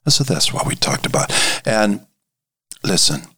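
Man, preacher, informal sermon, lowish voice, halting delivery, frequent fillers, hushed emphasis. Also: big pitch swings, slightly rough. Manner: halting, many fillers and restarts.

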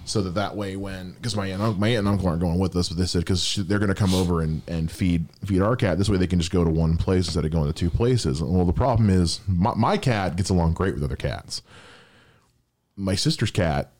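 A man's voice: low-pitched, fairly quick, darkish tone. A young adult man co-hosting a podcast, telling stories in casual chat and swearing freely as he rambles. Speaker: podcast co-host.

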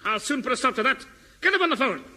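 An actor playing a pompous, gullible British hero in a blustering, excitable 1950s radio comedy style. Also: male voice, fast talker, full character voice. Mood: bossy. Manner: blustering and excitable, with sudden squeaks. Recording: hissy old radio recording in a reverberant hall.

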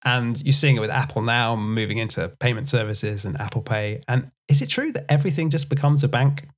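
A man's voice: mid-range voice, fairly quick. A man co-hosting a finance podcast, asking leading questions and slipping in dry jokes. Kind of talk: conversational finance chat.

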